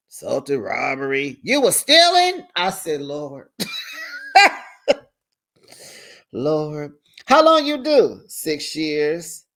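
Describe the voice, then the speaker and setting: Sassy woman recapping, full of laughs. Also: low voice. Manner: animated, sassy, laughs often, acts out the people she quotes. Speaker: recap host. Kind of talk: casual reality-TV recap, acting out the scenes.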